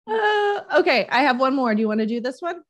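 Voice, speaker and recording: A woman's voice: high-pitched, very animated, brisk. Playful woman hosting a quiz. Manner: playful, teasing, reads out game questions. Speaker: co-host running a quiz game. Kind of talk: casual chat.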